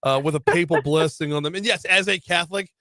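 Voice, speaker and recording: Energetic radio host man, dry studio sound. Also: fairly high pitch, quick pace, dry recording. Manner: energetic, chatty, repeats words at the start of sentences. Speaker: radio talk show host. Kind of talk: radio interview.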